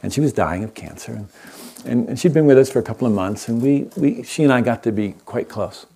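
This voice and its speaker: A man who teaches meditation, telling a story to an audience in a gentle, unhurried way and often checking in with his listeners. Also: mid-range voice, expressive, gravelly, husky. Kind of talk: storytelling talk to a live audience.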